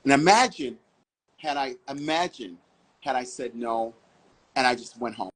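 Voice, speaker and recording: A man from Harlem, New York, telling stories as a fashion model guest in an interview, animated and full of vivid asides. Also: medium pitch, unhurried, low-quality recording. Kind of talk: storytelling interview answers.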